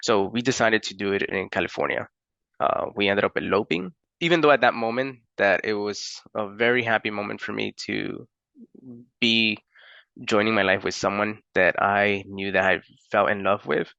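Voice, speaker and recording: A young man from Florida telling a personal story in a halting, unhurried way with many pauses and fillers. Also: on the low side, vocal fry, pushed and bright, no room sound, highs cut off.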